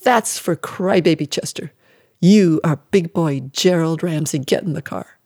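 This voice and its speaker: A man voicing a cruel, angry mother who barks harsh commands in a loud, raised voice. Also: sits high, measured pace, dry recording, clean studio sound. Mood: harsh commanding.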